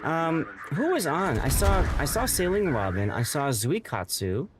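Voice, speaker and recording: A man hosting a game livestream, chatting casually to viewers in a rambling way, with bursts of excited greetings. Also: a little high, measured pace, a little hiss or hum. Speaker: game streamer and host.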